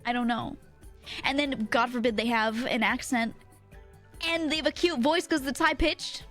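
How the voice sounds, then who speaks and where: A woman's voice: high voice, moderate pace, fairly bright tone, faint music behind. A young woman, chatting casually with her stream audience and laughing often. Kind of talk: casual stream chat, reading chat messages.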